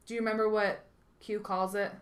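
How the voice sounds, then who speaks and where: A woman's voice: medium pitch, level tone, fairly quick. A young woman co-hosting a fan podcast, recapping an episode in casual chat and laughing as she acts out quotes. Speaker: podcast co-host.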